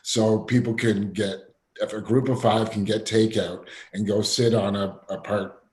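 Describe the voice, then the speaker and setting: Deep-voiced weary man. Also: fairly even intonation, unhurried, a little mellow. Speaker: restaurant owner. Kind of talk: meeting remarks. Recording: echoey room.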